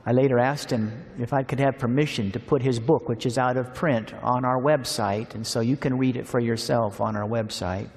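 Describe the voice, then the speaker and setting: A man preaching at a seminar, telling a story with animated delivery and acting out the dialogue. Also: mid-range voice, moderate pace, hardly any pauses. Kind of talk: storytelling sermon. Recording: long hall reverb.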